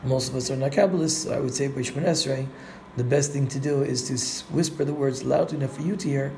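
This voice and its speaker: A man's voice: medium pitch, quick pace, vocal fry, mellow, a little hiss or hum. A man, a rabbi, giving a spoken lesson on Jewish law, explaining step by step and glossing Hebrew terms in English.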